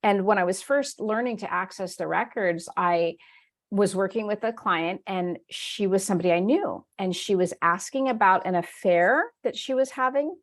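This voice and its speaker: A woman's voice: mid-range voice, moderate pace. A woman leading a spiritual workshop, telling stories in a chatty way, acting out her inner voice in quoted asides and laughing often. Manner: warm, chatty storytelling with frequent laughs. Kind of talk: live online workshop talk.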